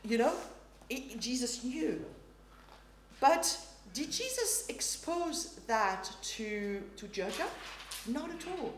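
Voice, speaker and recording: A woman's voice: high-pitched, very animated, slow. A middle-aged woman preaching a sermon, telling stories animatedly and acting out voices. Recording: roomy hall with faint noise.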